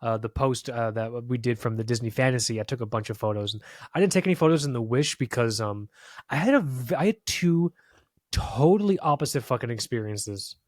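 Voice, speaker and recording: A man's voice: medium pitch, expressive, fairly quick, no room sound, clean studio sound. A man co-hosting a podcast, telling a story in casual chat, swearing a lot and restarting his sentences often. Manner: profane, rambling storytelling with many restarts. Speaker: podcast co-host. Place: podcast studio.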